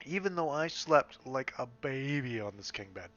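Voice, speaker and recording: A man's voice: medium pitch, expressive, moderate pace, fairly bright tone. A man from Western Canada vlogging in a casual, rambling way at home, full of fillers and restarts. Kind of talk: casual chat. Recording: slightly dull lo-fi sound.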